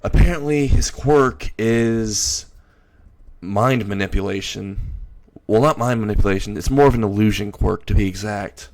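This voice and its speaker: A young man narrating an improvised story in a loose, halting way with frequent restarts. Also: lowish voice, darkish tone.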